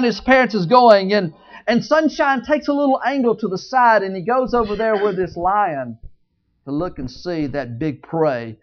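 Preacher retelling a Bible story, dramatic swings from loud to hushed, jokey asides, mid-pitched, dull lo-fi recording. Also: normal speed. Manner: jokes with the congregation. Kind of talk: storytelling sermon.

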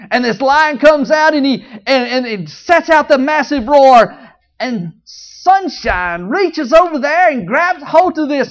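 A preacher telling a Bible story in a sermon, swinging between loud, high outbursts and hushed low asides, joking with the congregation. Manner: jokes with the congregation. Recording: dull lo-fi recording.

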